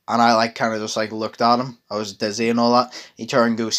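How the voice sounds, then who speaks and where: A young man tells a long story in a casual chat with a voice of ordinary pitch. He rambles, restarts his sentences often and swears freely. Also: completely flat delivery, quick pace, hardly any pauses, a bit bright.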